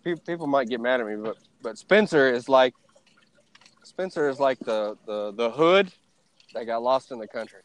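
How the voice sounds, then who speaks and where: A man's voice: mid-range voice, expressive, moderate pace, clear, resonant tone, dry recording. A man with a Southern US accent co-hosting a casual, profane, joking chat show. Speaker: podcast co-host.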